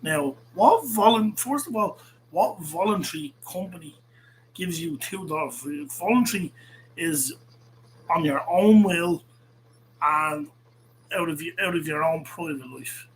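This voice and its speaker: A man's voice: fairly high pitch, a little slow, slight background noise, low-quality recording. A man hosting a show, delivering a blunt, profane and rambling rant with frequent restarts. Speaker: host. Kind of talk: ranting monologue.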